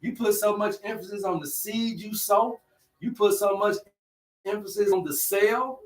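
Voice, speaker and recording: Male host, higher voice; preachy, repetitive livestream teacher addressing viewers. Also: normal speed. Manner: preachy, repetitive, slangy, talks to chat.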